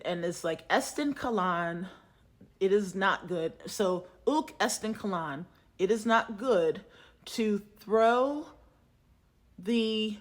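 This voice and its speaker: A woman who teaches at a seminary, telling a classroom story in a casual, teacherly way while doing her makeup. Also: medium pitch. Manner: deliberate, teacherly retelling of a class exchange. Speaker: seminary professor.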